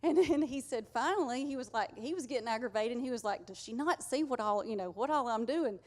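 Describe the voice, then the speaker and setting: Woman preacher, slightly high voice, earnest and conversational sermon delivery. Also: animated, a little fast, darkish tone. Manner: conversational, earnest, uses y'all.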